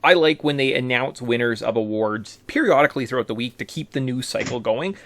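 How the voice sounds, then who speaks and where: A man's voice: medium pitch, brisk. A man co-hosting a casual sports podcast, joking and rambling as he talks. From Canada. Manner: joking, rambling, animated delivery. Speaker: podcast co-host.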